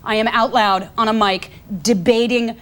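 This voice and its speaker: A woman guest on a talk show telling an animated, self-mocking anecdote. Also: fairly high pitch, moderate pace. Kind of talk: casual anecdote.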